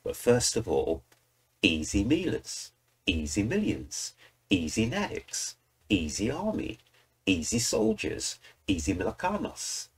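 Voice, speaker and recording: Man, British accent, reaction host, deep voice, husky, enthusiastic chatter. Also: wildly swooping pitch, takes it slowly. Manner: chatty, enthusiastic, talks straight to viewers. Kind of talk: casual reaction commentary.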